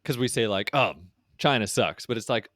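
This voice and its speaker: A man's voice: medium pitch, fast talker, fairly bright tone, no echo, clean studio sound. A man co-hosting a podcast in casual, playful banter with goofy interjections. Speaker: podcast co-host and streamer.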